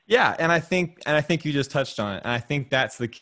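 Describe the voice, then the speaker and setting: A man's voice: on the high side, expressive, fairly quick, sharp tone, no echo, studio quality. A man in his thirties, a host on a video call, talking about faith and fatherhood in a rambling way, repeating words and chuckling often. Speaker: podcast host. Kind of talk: casual faith talk over a video call.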